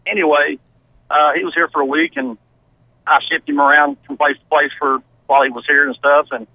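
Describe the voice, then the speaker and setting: A man's voice: on the high side, fairly even intonation, a little fast, vocal fry, dry recording. A man with a Southern American accent, calling in to a radio show and telling a rambling, friendly story. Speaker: caller. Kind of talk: casual phone-in story. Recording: tinny phone line.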